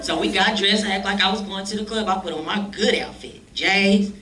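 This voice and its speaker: A woman telling her life story as a church guest, animated and slangy, acting out the voices of people she quotes. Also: medium pitch, brisk, few pauses, a crowd in the background. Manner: animated, acts out quoted dialogue in slangy speech. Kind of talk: lively storytelling testimony. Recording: echoey room, distant mic, faint noise.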